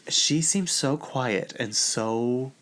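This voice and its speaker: A man hosting a podcast, chatting casually and excitably about pop culture, laughing often along the way. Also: mid-range voice, drawn-out words. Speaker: podcast host.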